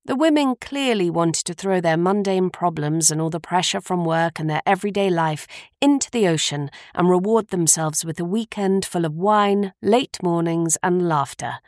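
A woman narrates an audiobook with a steady, measured, scripted reading. Her voice is lowish, and the studio-quality recording has no echo.

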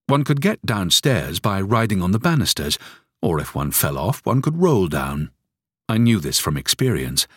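A man narrating an audiobook story in an expressive storytelling reading. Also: on the low side, slightly rough, no room sound, clean studio sound.

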